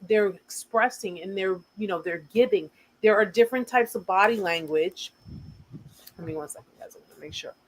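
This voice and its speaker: On a low-quality recording, an American woman with a mid-range voice hosts a casual livestream supporting survivors. She speaks earnestly, going back over her points to emphasize them.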